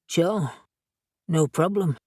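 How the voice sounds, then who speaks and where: A weary wolf-shifter man, dry and practical, with no time for fuss, as voiced by a woman. His voice is low and husky, recorded close in a dead, dry space. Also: slow pace, warm tone, dry recording. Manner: dry, matter-of-fact.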